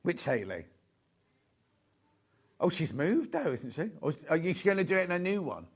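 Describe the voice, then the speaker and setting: A man's voice: fairly high pitch, huge pitch swings, moderate pace, slightly rough. A man with a Yorkshire accent presenting fabric on a live shopping channel, chatty and gushing, full of asides. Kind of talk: live TV sales chat.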